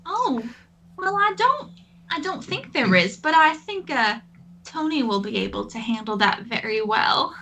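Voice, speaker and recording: A woman playing a doting, pushy middle-aged stage mother in an improvised tabletop role-play, cooing and smothering in a slow drawl. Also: high-pitched, big pitch swings, sharp tone, voice pushed down, exaggerated voice.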